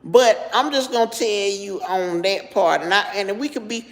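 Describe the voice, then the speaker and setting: A woman's voice: medium pitch, normal speed, in a large hall. A middle-aged woman, frankly telling a personal story on a live stream and greeting viewers as she goes. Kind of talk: casual storytelling to live chat.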